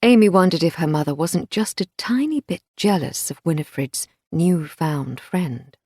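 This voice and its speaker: Husky-voiced woman narrating a thriller. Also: on the low side, lively intonation, normal speed, mellow, no room sound, clean studio sound. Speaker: audiobook narrator. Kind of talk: scripted narration.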